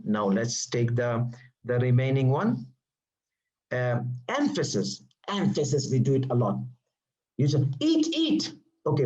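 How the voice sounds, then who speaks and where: A man's voice: medium pitch, poor audio. A man teaching a grammar lesson to a class, patiently explaining and repeating examples, often asking questions and answering them himself.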